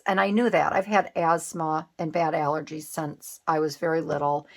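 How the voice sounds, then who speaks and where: A woman's voice: fairly low pitch, fairly bright tone. Chatty middle-aged woman crafting on camera. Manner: chatty, rambling, with many fillers and restarts. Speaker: collage craft vlogger. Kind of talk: casual chat while crafting.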